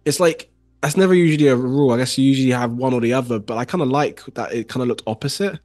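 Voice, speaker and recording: A man's voice: mid-range voice, quick pace, a little mellow, soft background music. A man with a London accent hosting a live stream, encouraging his guest and reading out viewer comments. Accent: London English. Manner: upbeat, encouraging, reads out chat. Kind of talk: live-stream co-host chat.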